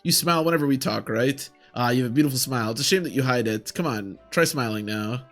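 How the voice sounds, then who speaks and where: A man's voice: medium pitch, extremely slow, pushed and bright, faint music behind. A man voicing a friendly, folksy older soldier who talks in a cheery, encouraging way. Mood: cheerful.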